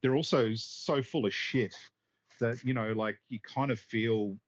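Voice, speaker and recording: A man's voice: mid-range voice, fairly even intonation, unhurried, slight background noise. A man hosting a stream, rambling through casual reaction commentary with frequent laughs and swearing. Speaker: stream host. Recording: slightly dull lo-fi audio.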